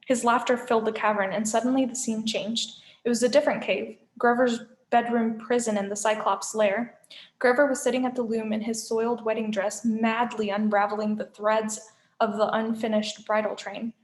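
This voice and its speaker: Woman, teacher reading a novel aloud, expressive, fairly high voice, roomy echo. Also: moderate pace. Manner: clear, expressive storytelling. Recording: echoey room.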